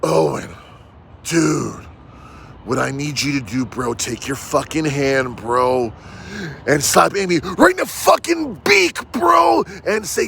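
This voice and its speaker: A man delivering a loud, profane roast message, shouting insults and saying "bro" after almost every line. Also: on the high side, big pitch swings, takes it slowly, creaky, a little hiss or hum. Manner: loud, brash, profane, says "bro" constantly. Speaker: roast comedian.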